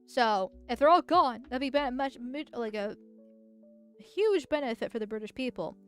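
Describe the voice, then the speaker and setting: A woman streamer giving casual commentary on posts, thinking out loud and restarting her sentences often. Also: a little high, expressive, normal speed, faint music behind. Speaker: political streamer.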